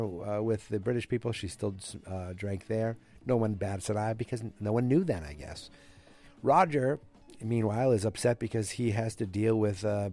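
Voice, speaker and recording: A man's voice: fairly low pitch, dark tone. A man casually recapping an episode, rambling with fillers and self-corrections. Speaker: show recap host.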